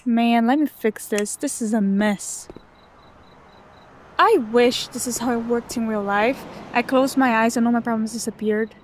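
Her voice fairly high and her pace measured, a woman narrates a let's play of a spooky video game. She's jumpy and chatty, nervously commenting to herself on every door and noise she encounters.

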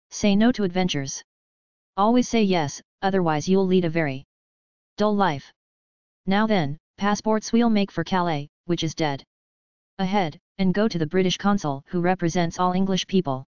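A woman gives voice to a cheerful, adventurous father who captains his family's magical car like a ship. He explains things firmly and patiently in a smooth, low-set voice. The recording is dry and a touch dull. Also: normal speed, a little mellow, dry recording, natural voice.

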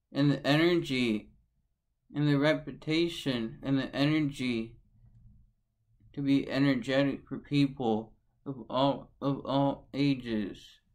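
Poor audio carries a man's mid-range voice as he hosts a devotional video. He starts with a sing-song chant, repeating his catchphrase many times, then turns to reading scripture and giving blessings with preacherly sincerity.

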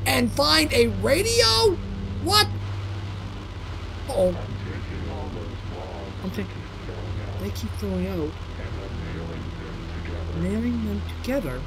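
A man doing jokey, excitable let's play commentary, exclaiming and talking to himself while playing a horror game. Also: very high voice, extremely slow, vocal fry, pauses often. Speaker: gamer doing a playthrough. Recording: game music playing behind. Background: game music.

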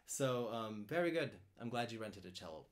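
A man's voice: fairly low pitch, animated, moderate pace. A man hosting a cello live stream, chatting casually, reading out viewer comments and answering them, often repeating his words as he thinks aloud. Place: home in France.

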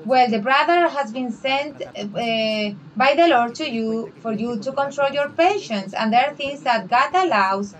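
A woman's voice: on the high side, animated, measured pace, hardly any pauses, rough recording. A woman co-pastor whose first language is Spanish, preaching a sermon in an earnest way and acting out other people's questions. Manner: earnest preaching, acts out skeptics' questions in a raised voice.

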